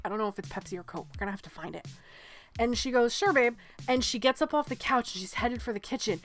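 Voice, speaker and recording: A woman from New England in her thirties, co-hosting a casual movie podcast and telling stories with lively acted-out quotes and casual swearing. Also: on the high side, brisk. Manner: animated storyteller, swears freely, acts out quotes. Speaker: podcast co-host. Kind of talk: casual chat about movies.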